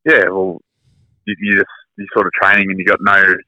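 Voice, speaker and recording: A man's voice: sits low, monotone, fairly quick, pushed and bright, no room sound. A young Australian man, a guest on a casual podcast interview, talking candidly, laughing and swearing freely over a muffled remote line. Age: young adult. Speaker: guest, professional fighter.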